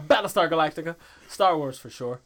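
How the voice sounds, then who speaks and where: Man, slightly high voice, casual podcast chat, laughs a lot, slangy. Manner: laughing often, animated, slangy. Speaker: podcast guest.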